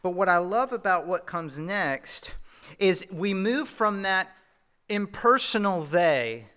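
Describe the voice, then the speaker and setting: A man's voice: high voice, lively intonation, takes it slowly, pushed and bright, clean tone. A male pastor with a Southern US accent preaching a sermon in a conversational way, asking his listeners questions as he goes.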